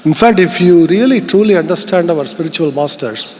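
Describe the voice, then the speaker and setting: A man's voice: fairly high pitch, animated, fairly quick, a little mellow, a little hiss or hum. A middle-aged Indian man giving a conference keynote speech, earnest and reflective, asking the audience rhetorical questions. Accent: Indian English. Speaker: keynote speaker. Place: large conference hall. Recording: long hall reverb.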